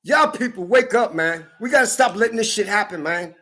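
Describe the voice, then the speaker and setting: A man delivering a heated, profane rant to camera, often breaking into shouts. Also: high-pitched, animated, brisk, soft background music. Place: California.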